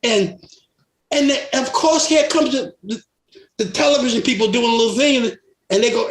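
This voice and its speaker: An older man, a veteran singer, telling lively stories in an interview, laughing and acting out the voices of others. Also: very high-pitched, moderate pace. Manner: animated storyteller, laughs often, acts out voices. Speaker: guest singer. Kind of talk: storytelling interview. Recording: roomy echo.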